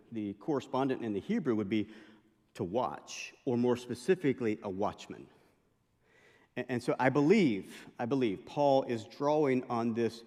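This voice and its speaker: Man preaching in a reverberant chapel. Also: medium pitch. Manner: animated storytelling, frequent restarts and "like". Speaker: guest chapel speaker. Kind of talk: conversational sermon. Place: university chapel. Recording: long reverb of a large hall.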